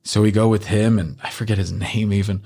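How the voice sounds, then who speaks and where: A man telling a wild personal story on a podcast in casual, animated style, swearing freely and acting out what people said. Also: lowish voice, a little fast, vocal fry, slightly rough. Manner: animated, swears often, acts out quotes.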